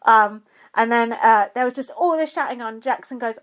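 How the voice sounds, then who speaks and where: A woman co-hosting a casual chat, retelling events in an animated way with plenty of "like" and swearing. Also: a little high, brisk. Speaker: podcast co-host recapping a reality show.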